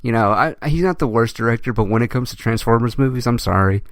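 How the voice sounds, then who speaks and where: A man hosting a casual movie news podcast, talking in an animated way, laughing often and repeating himself. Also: mid-range voice, quick pace, no echo, studio quality. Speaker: podcast host.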